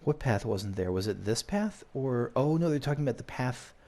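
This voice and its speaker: A man's voice: medium pitch, lively intonation, moderate pace, dark tone. A man playing a video game, chatting and thinking aloud as he reads and explores. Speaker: game streamer. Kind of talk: let's play commentary and story reading.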